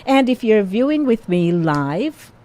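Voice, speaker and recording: A woman's voice: mid-range voice, sing-song, unhurried, warm tone. A woman hosting a radio show, chatting playfully and talking straight to her listeners. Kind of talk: casual radio chat.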